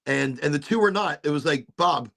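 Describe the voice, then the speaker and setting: A man's voice: on the high side, expressive, a little fast, creaky, a bit bright. A man hosting a casual chat, telling rambling stories and laughing often. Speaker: podcast host.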